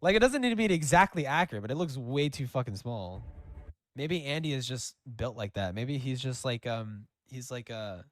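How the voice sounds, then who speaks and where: A man's voice: medium pitch, lively intonation, normal speed, no echo. A man giving casual gameplay commentary, crude and mocking, laughing often. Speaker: gaming commentator.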